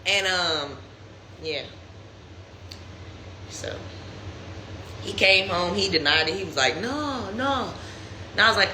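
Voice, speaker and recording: Bright, animated woman telling a story. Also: slow pace, long pauses, a little hiss or hum. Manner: animated, acts out quotes in a mocking high voice. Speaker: Instagram live host. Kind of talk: casual storytelling. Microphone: phone.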